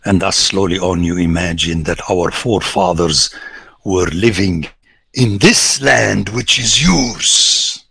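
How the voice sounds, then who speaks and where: A man, a priest, giving an emphatic biblical lecture, swinging between loud exclamations and hushed whispers. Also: deep voice, gravelly, breathy edge, no room sound. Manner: slow, deliberate, rhetorical.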